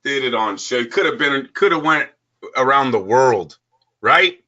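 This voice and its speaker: A man co-hosting a boxing radio talk show, ranting loudly and swearing often in heated sports talk. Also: medium pitch, lively intonation, measured pace, highs cut off. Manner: loud, profane, ranting.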